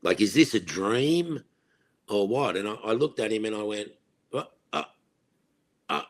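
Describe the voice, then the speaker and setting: Speaking at a measured pace with a fairly low voice, this sixty-something Australian ex-cricketer recounts colorful anecdotes during a podcast interview. He performs the voices of the people in his stories.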